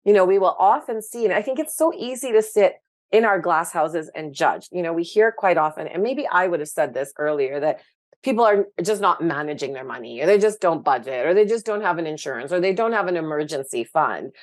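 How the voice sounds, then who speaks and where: A woman's voice: fairly low pitch, lively intonation, brisk. A woman, a guest speaking frankly and with animation about her own past, with many fillers. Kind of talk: candid personal story in interview.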